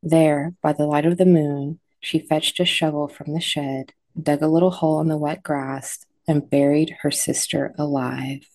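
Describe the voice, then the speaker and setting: Low, mellow woman narrating horror stories. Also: fairly even intonation, no echo. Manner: measured, dramatic storytelling. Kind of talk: scripted horror story narration.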